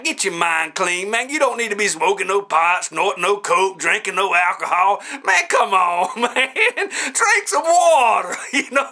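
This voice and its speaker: A man with a rough voice, talking like a pastor in a casual preaching vlog, loose and chatty with shouted exhortations. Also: high-pitched. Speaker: pastor and movie reviewer.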